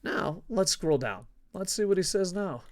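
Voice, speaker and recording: A young man hosts a combat sports news show and reacts to headlines in loose commentary. He swears freely, rants with a lot of energy and breaks into laughs. His voice sits a little high for a man. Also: expressive, unhurried. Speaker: wrestling news host. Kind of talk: casual commentary reading headlines.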